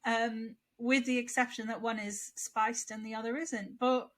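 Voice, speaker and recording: Woman podcast co-host, slightly high voice, rambling chatty delivery, lingering cough. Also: little pitch movement, measured pace, a bit bright. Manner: chatty, rambling, asks questions aloud. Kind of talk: casual chat.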